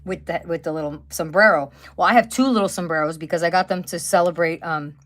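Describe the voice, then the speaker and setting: Sitting by her wood stove at home, a woman in her fifties who hosts a craft channel talks on a live stream in a fairly low, fast voice. She tells rambling stories full of fillers and restarts in a casual, chatty way.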